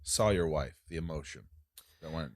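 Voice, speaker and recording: A man's voice: very deep voice, moderate pace, no echo, clean studio sound. A man in his forties hosting a podcast, asking questions and joking around in casual talk. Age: 40s. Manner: animated, joking. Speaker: podcast host. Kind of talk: casual interview.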